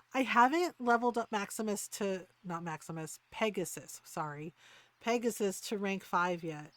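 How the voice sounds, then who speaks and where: A woman streaming a game and chatting casually, rambling and often trailing off into ums. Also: medium pitch. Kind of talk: casual chat while playing.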